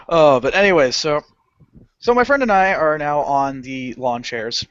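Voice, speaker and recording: A man's voice: a little high, unhurried, no room sound. A man telling a story on a casual podcast, laughing, swearing and acting out the people in it. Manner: animated, swearing, laughing often, acting out voices. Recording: lo-fi dull podcast audio.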